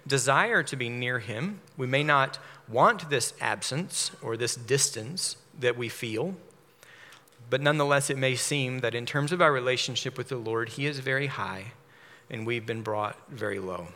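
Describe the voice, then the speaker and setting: A man preaching a measured sermon, explaining a psalm verse by verse. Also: medium pitch, bright, forceful tone. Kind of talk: expository sermon. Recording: long hall reverb.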